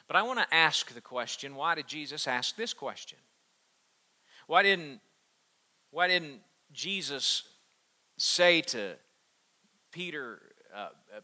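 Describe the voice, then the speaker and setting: A man preaching a sermon to his congregation, emphatic, rising to fervent peaks and dropping to hushed lines, often restarting and repeating words. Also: on the high side, lively intonation, slow pace, long pauses. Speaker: pastor.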